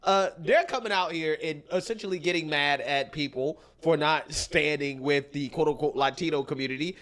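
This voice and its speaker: A man's voice: a little high, normal speed, a bit bright. A man talking casually with a co-host, chuckling as he makes his point. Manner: chuckling, conversational. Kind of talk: casual discussion.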